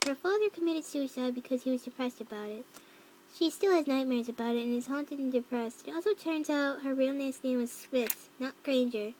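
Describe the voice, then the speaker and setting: A woman voicing a young cat-girl troll who reads a fanfic aloud, with flat narration, mocking asides and yelled quotes. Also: sits high, fairly quick, slight background noise, natural voice. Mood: deadpan reading. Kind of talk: fan reading of a story.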